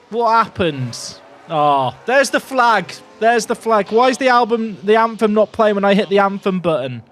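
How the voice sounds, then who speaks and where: Excitable high-voiced streamer. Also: male voice, measured pace, faint music behind. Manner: excitable, jokey, shouting at the screen. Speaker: streamer playing a racing management game. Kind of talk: live gameplay commentary.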